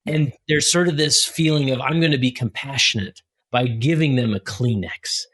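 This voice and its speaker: A man with a husky, slightly breathy voice hosts a relaxed podcast conversation. He speaks at a middling pitch and gets animated, slipping into little acted-out quotes as he goes. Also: normal speed. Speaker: podcast host. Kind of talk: casual conversational interview.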